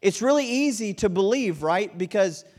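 A man's voice: high-pitched, lively intonation, moderate pace, a little mellow. A man preaching a sermon in an auditorium, in a conversational style with frequent "right?" asides. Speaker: pastor.

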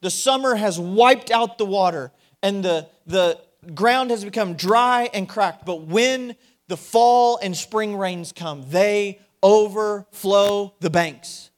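A man preaching a sermon, moving between loud, urgent emphasis and hushed, quiet passages, often repeating key phrases. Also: sits high, slow.

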